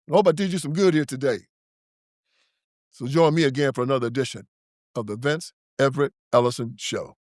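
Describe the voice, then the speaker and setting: A man's voice: mid-range voice, a little fast, long pauses, darkish tone, no room sound, studio quality. A man hosting his own show, delivering an emphatic, preachy and confrontational political commentary monologue. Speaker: show host.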